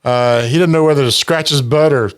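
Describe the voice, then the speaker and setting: A man co-hosting a relaxed podcast at a medium pitch. He is easygoing, laughs often, and trips over the sayings he tries to quote. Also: brisk, smooth. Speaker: podcast co-host. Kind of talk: casual chat.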